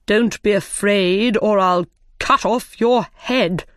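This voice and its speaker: A stern, bossy storybook king gives slow, commanding orders, as a woman puts him on. The voice stays close to her own reading voice. The recording is dry and close. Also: mid-range voice, dry recording, close to an everyday voice.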